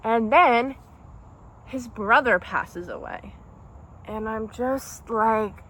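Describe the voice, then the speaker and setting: A woman's voice: fairly high pitch, animated, measured pace, a bit bright, slight background noise. A young woman telling a personal breakup story in a casual, rambling, emotional way, full of "like" and "dude". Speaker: vlogger.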